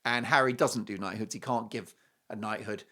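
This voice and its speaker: A man's voice: on the low side, normal speed. A British man hosting a talk show, giving opinionated and mocking commentary on video clips. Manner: animated and mocking, with scornful asides.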